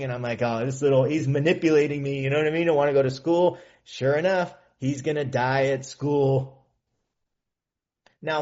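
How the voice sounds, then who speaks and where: A man's voice: fairly high pitch, a little mellow. Male recovery meeting speaker, earnest conversational storyteller, muffled lo-fi recording. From California. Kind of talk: personal testimony talk. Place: meeting hall.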